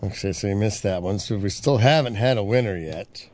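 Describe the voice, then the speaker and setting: A man hosting a call-in game on the radio, running it with quick, laughing patter. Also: fairly low pitch, a little mellow. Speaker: radio host.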